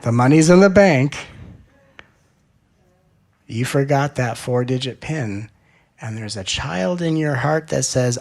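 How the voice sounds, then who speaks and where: A man giving a spiritual talk as a teacher, playful and teasing, swinging between loud, excited questions and soft, slow reflection. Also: mid-range voice, gravelly.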